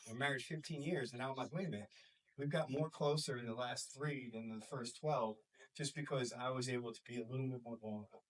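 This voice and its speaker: Animated New York man, far from mic. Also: mid-range voice, quick pace. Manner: animated, acts out quoted voices. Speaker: school counselor and life coach. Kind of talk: talk to a small group.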